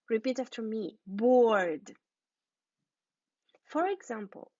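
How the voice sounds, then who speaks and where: A woman teaching an English lesson, spelling out and repeating words slowly and carefully for learners. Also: mid-range voice, darkish tone, dry recording, dull audio.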